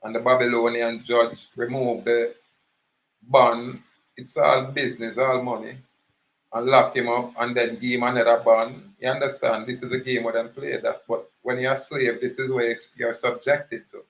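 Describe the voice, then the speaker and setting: A man's voice: medium pitch, level tone, normal speed, fairly bright tone, low-quality recording. A man with a Jamaican accent giving an impassioned, preachy monologue, emphatic and repetitive. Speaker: activist speaker.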